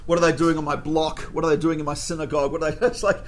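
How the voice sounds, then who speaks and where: A man's voice: fairly high pitch, very fast, a little hiss or hum. A man teaching a class as a rabbi, telling stories with jokes and acting out the quoted exchanges. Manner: animated, jokey, acts out quoted exchanges. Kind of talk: humorous storytelling lecture.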